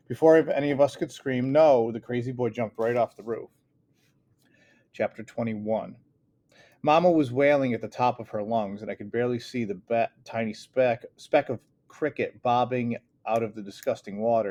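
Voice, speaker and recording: A man's voice: medium pitch, mellow. A man reading a first-person novel aloud in an earnest storytelling way, now and then stumbling and correcting himself. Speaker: audiobook reader.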